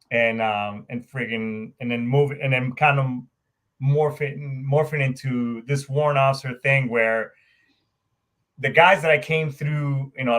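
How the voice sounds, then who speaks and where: A man of middle pitch tells war stories in a loose, animated way. He swears freely and leans on fillers like "you know" and "I'm like". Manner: animated, profane storytelling, with many fillers. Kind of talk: casual conversation.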